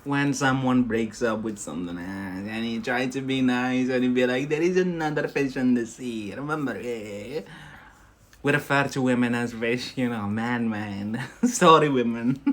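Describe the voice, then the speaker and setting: A man's voice: medium pitch, slow pace, fairly bright tone. A British man running a casual live English lesson, chatty and jokey, often breaking into laughter. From Britain.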